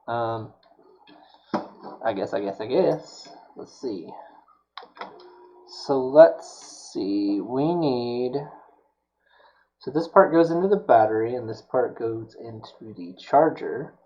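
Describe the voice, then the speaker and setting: A man's voice: medium pitch, expressive, takes it slowly, long pauses, warm tone, muffled recording, a little hiss or hum. A man streaming while he builds a prop, talking casually and muttering to himself, with mild self-scolding as things go wrong.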